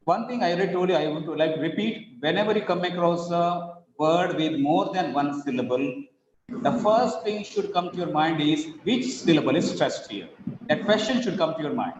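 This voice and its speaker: A man teaching an online English lesson with a slightly high voice and an Indian English accent, who speaks slowly and repeats words carefully to show where the stress falls. His voice sounds dull and echoey, with a long reverb tail. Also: expressive, noisy background. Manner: slow, deliberate, repeats words to model stress. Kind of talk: online class lecture.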